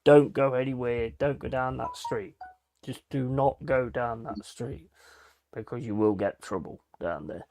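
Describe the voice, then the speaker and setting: In an unhurried, creaky mid-range voice, a male live stream host shares holiday stories casually, cursing freely and acting out quoted voices. The background is noisy.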